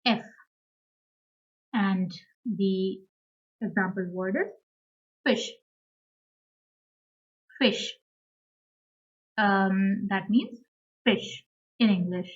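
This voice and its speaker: A woman walks beginners through a lesson very slowly, saying each word twice and pausing with fillers. Her voice sits mid-pitch. The recording is slightly dull and lo-fi. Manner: slow and careful, repeats each word, fillers and small self-corrections. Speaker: language teacher. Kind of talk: slow beginner language lesson.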